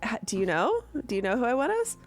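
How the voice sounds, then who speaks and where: A woman's voice: on the high side, big pitch swings, fast, soft background music. A woman running a tabletop game as game master, chatting casually in a rambling way with lots of fillers and some swearing.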